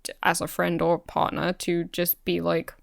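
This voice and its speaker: A woman co-hosting a casual podcast, calmly giving relaxed advice from a remote setup. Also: fairly low pitch, moderate pace, vocal fry, dry recording, clean studio sound. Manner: relaxed, easygoing, lots of agreeing. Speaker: podcast co-host. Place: remote recording, long distance.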